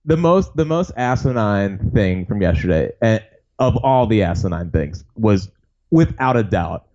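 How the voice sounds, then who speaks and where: A man's voice: lowish voice, expressive, measured pace, a little mellow, highs cut off. A man co-hosting a sports podcast, talking casually with frequent laughs and incredulous remarks. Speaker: podcast co-host.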